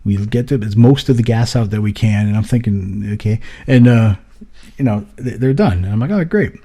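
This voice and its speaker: Low husky-voiced man, casual chat. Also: normal speed. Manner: swears freely, lively retelling. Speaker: podcast co-host.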